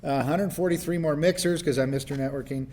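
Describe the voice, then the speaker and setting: Lively man telling stories on a panel. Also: a little high, fairly quick, background noise. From New Mexico. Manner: lively, laughing, acts out quoted voices. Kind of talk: storytelling in a panel discussion.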